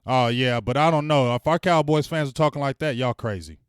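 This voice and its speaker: A man hosting a fan channel, ranting bluntly and with plenty of swearing as he heckles rival fans and shouts out viewers in his live chat. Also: medium pitch, brisk, smooth, dry recording, clean studio sound. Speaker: sports fan channel host.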